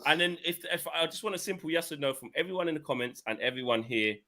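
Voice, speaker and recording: A man's voice: fairly high pitch, fast talker, sharp tone. A man hosting a heated casual football fan panel, talking over others and laughing often. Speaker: host.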